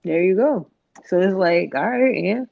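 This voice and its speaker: Woman podcast co-host, mid pitch, casual and profane, dry muffled recording. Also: lively intonation, a little slow, creaky, a little hiss or hum. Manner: slangy, profane, rambling with frequent laughter. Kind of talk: casual chat.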